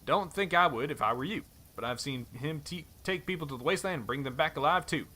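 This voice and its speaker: A man's voice: fairly high pitch, animated, fast talker, sharp tone, husky, exaggerated voice. A man doing Helm, a cowboy-drawling mercenary. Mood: sly. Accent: put-on cowboy drawl. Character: rough friendly male mercenary, brawler.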